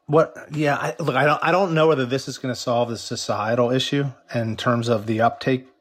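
A man's voice: medium pitch, fairly even intonation, fairly quick. A man answering interview questions in a mid-range voice, talking things through with many restarts. His voice is going, a little worn and strained. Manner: explanatory, with frequent restarts. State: losing his voice. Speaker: company executive interviewed about a workplace app. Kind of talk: remote news interview.

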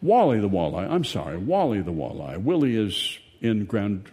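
An older man telling a story in a slow, rambling, wry way, correcting himself as he goes. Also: on the low side, sing-song, darkish tone. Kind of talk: spoken storytelling monologue. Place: outdoors in sunshine.

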